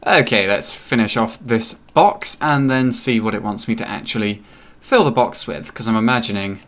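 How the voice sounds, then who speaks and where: A man's voice: fairly low pitch, normal speed, fairly bright tone. A man hosting a gaming channel, giving casual, playful commentary as he plays and chats to the game's characters. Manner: chatty, playful, talks to game characters.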